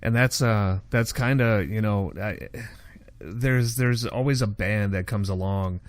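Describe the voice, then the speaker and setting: A man's voice: lowish voice, a little slow, no room sound. A man hosting a podcast in casual chat, laid-back, swearing freely and calling people "dude". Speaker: podcast host.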